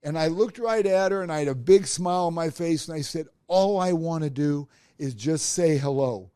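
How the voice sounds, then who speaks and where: A man's voice: a little high, normal speed, clear, resonant tone, dry recording, studio quality. A middle-aged man, a podcast host, telling a personal career story and acting out the voices of the people in it. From Nebraska. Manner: animated, acts out quoted voices.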